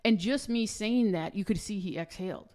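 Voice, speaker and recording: A middle-aged woman hosting a podcast, telling a story in a lively way and acting out the voices of the people in it. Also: mid-range voice, normal speed. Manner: lively, acts out quoted voices in her stories. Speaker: podcast host. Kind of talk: animated storytelling in conversation.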